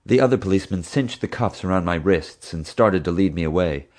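Deep-voiced male audiobook narrator. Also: expressive, brisk, a little mellow. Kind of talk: scripted first-person narration.

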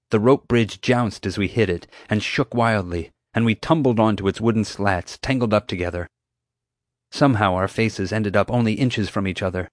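Low-voiced man narrating a storybook. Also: no room sound. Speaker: audiobook narrator. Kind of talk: first-person storybook narration.

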